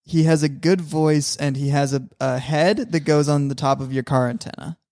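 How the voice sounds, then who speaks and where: A woman guesting on a comedy podcast, deadpan and matter-of-fact. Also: low-pitched, normal speed, dry recording, clean studio sound.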